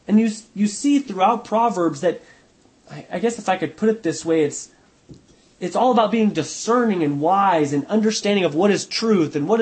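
Male Bible study teacher with a high voice, casual and thinking aloud, hedging as he goes. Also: darkish tone.

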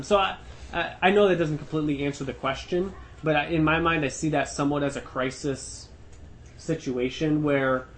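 A man leading a Bible study discussion, thinking aloud with frequent restarts and slow emphasis on key words. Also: fairly high pitch, a little hiss or hum. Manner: thoughtful, restarts often, stresses words slowly. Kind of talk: teaching discussion.

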